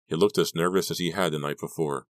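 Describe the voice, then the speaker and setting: A man with an extremely deep voice reads a first-person teen horror story. His delivery is steady and measured. The mic is close and the room is dead dry. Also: no room sound. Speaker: audiobook reader. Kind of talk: scripted first-person narration.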